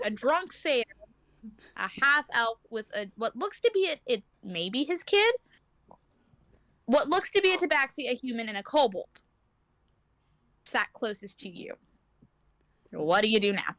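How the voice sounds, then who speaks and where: A woman's voice: fairly high pitch, sing-song, measured pace, pauses often, fairly bright tone, no room sound. A woman running a tabletop game as game master, narrating in a casual, rambling way with many fillers and restarts.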